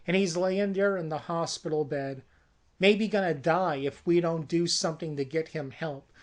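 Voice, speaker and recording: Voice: mid-range voice, moderate pace, lightly acted. A storyteller voicing a desperate adult brother who pushes a risky plan, talking in a pushy, persuasive way. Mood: insistent. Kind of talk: casual spoken movie pitch.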